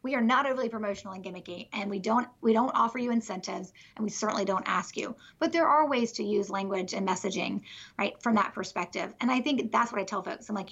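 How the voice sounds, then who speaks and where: Energetic woman coach with a husky voice. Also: mid-range voice, quick pace, highs cut off. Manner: energetic, explains with conviction, laughs lightly. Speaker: business referral coach and author, podcast guest. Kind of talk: podcast interview.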